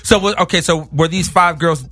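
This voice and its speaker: A man hosting a casual interview, giving short encouraging replies and asking quick follow-up questions. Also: a little high, sharp tone, dry recording, soft background music. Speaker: talk show host.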